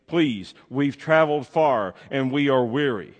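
A man's voice: mid-range voice, expressive, a little slow, highs cut off. A man voicing a weary young father pleading for a place to stay, in a pleading way. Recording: long hall reverb.

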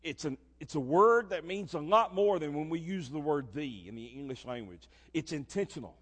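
An older man preaching a sermon in a church, swinging from soft, low murmurs to loud, emphatic declarations. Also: expressive, moderate pace. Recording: long reverb of a church hall.

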